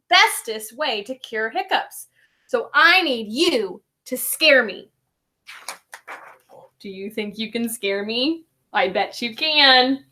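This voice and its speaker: A woman's voice: a little high, bright, forceful tone, exaggerated voice. A woman voicing a small, fretful young male penguin who keeps breaking his words with hiccup gasps, reading a children's storybook aloud. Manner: gasping hiccups between words.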